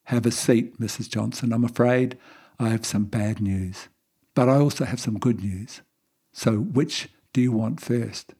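A man voicing a solemn male doctor delivering bad news, in a measured, grave manner. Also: medium pitch, dark tone, breathy edge.

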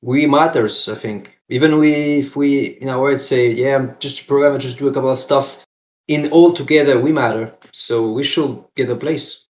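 French guest, non-native English, halting, roomy echo. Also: male voice, medium pitch, darkish tone. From France. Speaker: podcast guest. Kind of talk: casual podcast chat.

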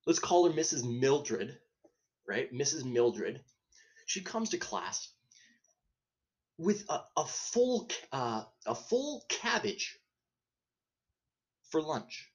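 Rambling, profane podcast host telling a story. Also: male voice, medium pitch, very animated, slow pace, long pauses. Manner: rambling, profane, self-interrupting, laughs at own story. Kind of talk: casual comedic storytelling.

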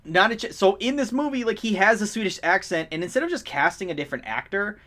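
A man's voice: high-pitched, expressive, fast talker, sharp tone. A man in casual podcast chat, rambling and laughing as he retells movie scenes.

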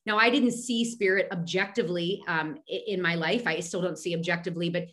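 Her voice is on the low side, brisk and fairly bright, with fairly even intonation. She's a middle-aged medium from Philadelphia chatting as a podcast guest in a casual interview, frequently restarting and using fillers.

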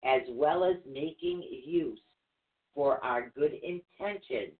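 A man's voice: fairly high pitch, slow pace. A man teaching runes on a live show, patient and step by step, spelling out words as he goes. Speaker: rune teacher. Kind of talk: live-stream teaching with banter. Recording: tinny phone-like line.

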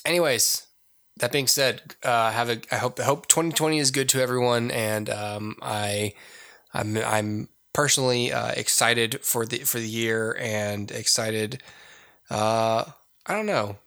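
A man co-hosting a casual podcast with a bright, forward tone. He talks in a loose, rambling way, full of fillers and restarts, at a medium pitch. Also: fairly even intonation, unhurried. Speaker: podcast co-host. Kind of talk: casual chat.

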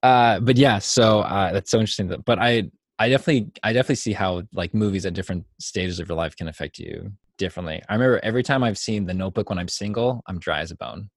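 A young man with a very low voice chats in an animated, rambling way, often trailing off as he talks. The recording is close and dry, with no room sound. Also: fast talker, few pauses, no echo. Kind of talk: casual chat.

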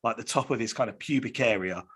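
Husky man, chatty and expressive. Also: mid-range voice, quick pace. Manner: chatty, expressive, swears casually. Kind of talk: casual chat.

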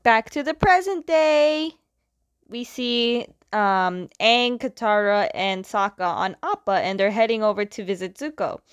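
A woman's voice: fairly high pitch, animated, measured pace, smooth, no room sound. A woman casually retelling a plot, chatty, often laughing and acting out the quotes. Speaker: episode recapper.

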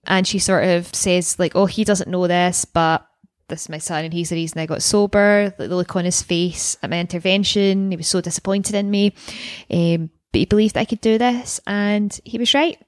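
A woman's voice: lowish voice, steady tone, normal speed, no room sound, clean studio sound. A young woman co-hosting a podcast, chatting casually about a TV episode, swearing freely and acting out lines. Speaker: podcast co-host. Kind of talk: casual chat recapping a TV episode.

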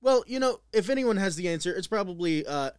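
A man's voice: sits high, fast, clear, resonant tone, dry recording, studio quality. Young man telling a story, laughing. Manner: laughs often, filler-heavy, relaxed storytelling. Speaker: podcast co-host, storyteller. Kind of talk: casual chat, recounting a true crime story.

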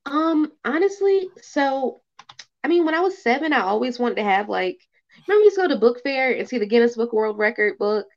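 A woman in her thirties talking candidly as a podcast guest in casual chat, with relaxed delivery and plenty of fillers. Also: on the high side, brisk. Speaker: podcast guest, event organizer. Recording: dull lo-fi audio.

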